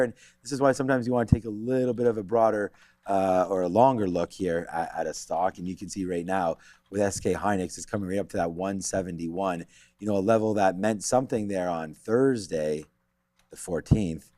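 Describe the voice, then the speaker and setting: Deep-voiced man thinking aloud over charts. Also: brisk, darkish tone, dry recording. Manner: rambling, thinks aloud while checking charts. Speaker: stock market show co-host. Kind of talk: live trading commentary.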